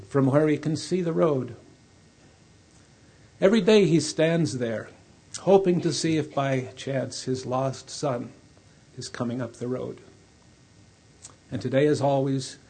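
A preacher telling a sermon story in a slow, vivid, dramatic way, with a husky voice. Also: male voice, mid-range voice, mellow.

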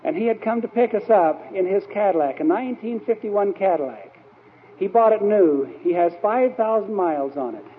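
Animated and high-pitched, this church speaker talks at a normal speed, spinning rambling stories in his sermon with frequent fillers. There is a little hiss or hum on top of the tinny, echoey sound of an old hall.

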